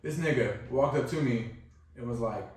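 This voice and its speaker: A man's voice: medium pitch, moderate pace. A man co-hosting a podcast, telling stories in casual chat and acting out what people said. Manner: animated storytelling, acts out quoted people. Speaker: podcast co-host. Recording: echoey room, mic far off.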